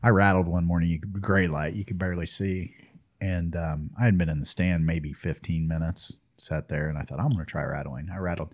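A man's voice: sits low, little pitch movement, brisk. A man co-hosting a casual hunting chat, telling stories in a folksy, easygoing way. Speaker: podcast co-host.

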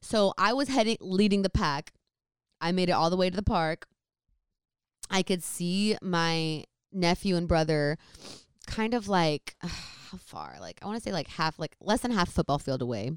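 A woman's voice: on the low side, expressive, moderate pace, clean tone, no room sound, studio quality. A young woman from the Bay Area, telling a story in chatty, casual talk full of "like". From San Francisco Bay Area, California. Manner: chatty, lots of "like". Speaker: vlogger.

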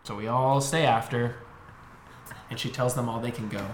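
A young man co-hosting a podcast, telling an animated story in casual chat, swearing often. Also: mid-range voice, normal speed. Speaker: podcast co-host. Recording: roomy room with faint noise.

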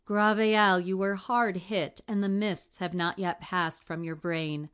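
Soft earnest young girl read by a woman, lowish voice, storybook. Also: fairly even intonation, a little slow, clear, resonant tone. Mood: earnest gentle. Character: devoted young native girl, gentle and earnest.

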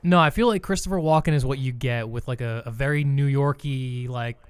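A man's voice: medium pitch, a little fast, clear, resonant tone, dry recording. A man chatting casually and rambling, swearing now and then. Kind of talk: casual podcast chat.

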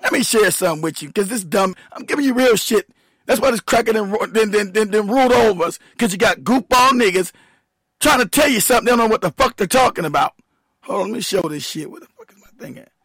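Male host for a profane stream rant. Heated, laughs a lot, high for a man, dry sound. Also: expressive, fast, fairly bright tone, husky, no room sound. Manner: heated, profane, laughing often, trailing off while fiddling with his computer. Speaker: show host, military veteran.

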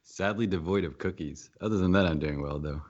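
Deep-voiced deadpan podcast co-host. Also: male voice, brisk, lo-fi sound. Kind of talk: casual chat.

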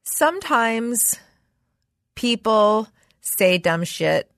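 A woman's voice: fairly high pitch, very animated, extremely slow, a bit bright, no room sound, clean studio sound. A woman co-hosting a podcast in casual chat, speaking bluntly with swearing and often acting out what others say. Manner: blunt and profane, acting out quoted remarks. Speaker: podcast co-host.

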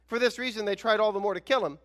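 A man preaches a sermon in a strikingly high voice. He keeps it conversational and animated, pushing his points home with emphatic rhetorical questions. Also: fast. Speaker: pastor.

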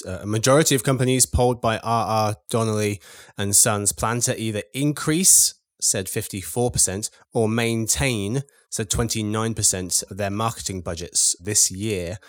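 A man's voice: lowish voice, dry recording, studio quality. A man hosting a panel podcast, reading stories and running a quiz game in a playful, upbeat way. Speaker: podcast host.

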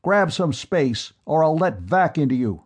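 A man's voice: medium pitch, normal speed, mellow, natural voice. A man voicing a bold young male space-marine lieutenant who gives orders urgently and firmly. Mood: fierce. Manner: urgent, commanding.

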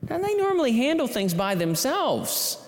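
A man's voice: very high voice, wildly swooping pitch, moderate pace. A man telling a long personal story to a live audience, rambling and self-deprecating, with many restarts. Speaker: speaker. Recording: long hall reverb.

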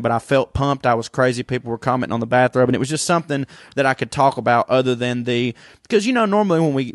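A young man, co-hosting a podcast and spinning long, loose stories peppered with swearing. His voice sits at an ordinary middle pitch. The sound is close and dry, with no room around it. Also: no echo. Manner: rambling storyteller, swears freely. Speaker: podcast co-host. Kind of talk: casual chat.

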